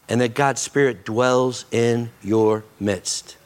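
A middle-aged man and pastor giving an earnest sermon, often dropping soft and slow for emphasis. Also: medium pitch, steady tone.

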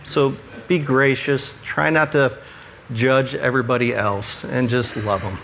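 A man speaks in an earnest, conversational way, offering faith advice drawn from his work with churches. His voice sits at an ordinary middle pitch, and he pokes fun at himself with an occasional chuckle. A faint hiss of background noise lies under the talk. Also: fairly even intonation, a little slow, vocal fry, a bit bright. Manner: earnest, self-deprecating, chuckles at his own stories. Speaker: church ministry worker.

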